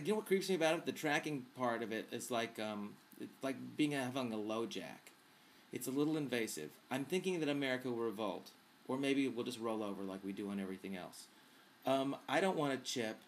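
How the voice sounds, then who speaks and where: A man's voice: medium pitch, slight background noise. Chatty, campy man hosting a vlog. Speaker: vlog host answering viewer questions. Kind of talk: casual Q&A vlog.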